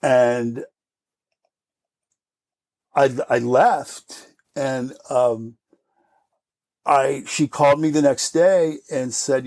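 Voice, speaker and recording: A middle-aged American man telling candid, animated stories about his recovery and acting out the voices of the people in them, laughing often. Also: mid-range voice, extremely slow, long pauses, no room sound. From United States. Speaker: podcast guest.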